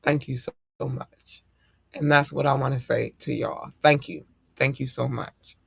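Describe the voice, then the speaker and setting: A man hosting a podcast in casual chat, talking in an excitable, slangy and heartfelt way. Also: mid-range voice, measured pace, creaky, slightly rough, no echo, clean studio sound. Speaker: podcast host.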